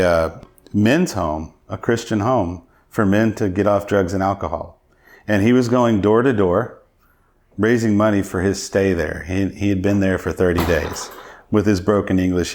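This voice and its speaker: A middle-aged man, a podcast guest, telling his personal testimony in an earnest, reflective way. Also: fairly low pitch.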